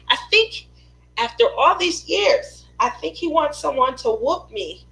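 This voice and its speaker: On a roughly recorded craft live stream, a woman with a somewhat high, slightly bright voice tells family stories animatedly at normal speed. Her storytelling is chatty and casual, and she laughs frequently.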